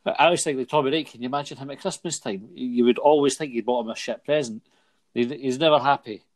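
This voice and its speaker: A man's voice: mid-range voice, fast. A young Scottish man hosting a casual football podcast, jokey and chatty, leading the segments. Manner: jokey, chatty, laughs often. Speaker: podcast host.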